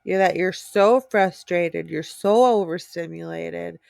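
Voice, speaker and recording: A woman's voice: fairly low pitch, fairly even intonation, a little slow, vocal fry, a little mellow, no echo, studio quality. A woman co-hosting a podcast who talks in a reflective, supportive way and often chimes in. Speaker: podcast co-host. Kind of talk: casual chat.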